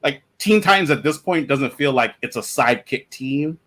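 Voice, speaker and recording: A man's voice: medium pitch, lively intonation, moderate pace, fairly bright tone. Guy rambling on a podcast call, lots of "like" and restarts, normal mid voice. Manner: rambling, many fillers and restarts. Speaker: panelist on a comics podcast. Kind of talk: casual panel discussion.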